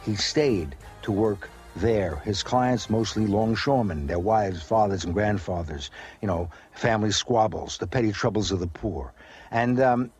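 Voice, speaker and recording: An older American man with a Brooklyn accent softened toward British, chatting in a rambling, anecdotal way as a guest on a radio interview. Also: on the low side, unhurried, soft background music. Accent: Brooklyn New York, softened toward British. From USA. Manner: rambling, anecdotal, many fillers. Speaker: actor guest. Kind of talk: relaxed radio interview chat.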